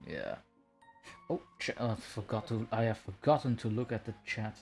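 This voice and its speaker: A man's voice: lowish voice, animated, normal speed, a little mellow, faint music behind. Self-mocking man chatting on a stream. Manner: laughs often, self-mocking. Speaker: stream host. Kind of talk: casual chat on a live stream.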